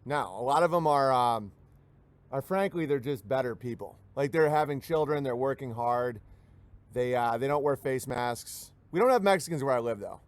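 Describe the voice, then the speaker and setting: A man's voice: mid-range voice, normal speed, no room sound. A man, a comedian, ranting jokingly and rambling, often slipping into mimicked voices. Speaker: comedian hosting a talk stream. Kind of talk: joking rant.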